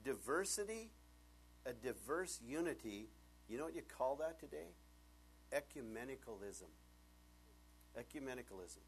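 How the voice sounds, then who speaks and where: A man in his thirties preaching a sermon, animated and jokey, acting out voices as he tells stories. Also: mid-range voice, normal speed, pauses often, a little hiss or hum. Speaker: pastor.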